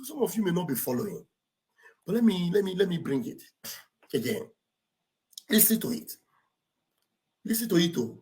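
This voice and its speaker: A woman hosting a live stream, mocking her subject with sarcastic shouting and mock wailing. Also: on the low side, very animated, normal speed, pauses often. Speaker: online show host. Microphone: live-stream setup.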